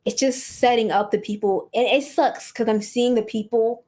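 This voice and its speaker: A woman's voice: fairly high pitch, steady tone, normal speed, darkish tone. A woman speaking as a podcast guest, in a blunt, profane, ranting casual chat.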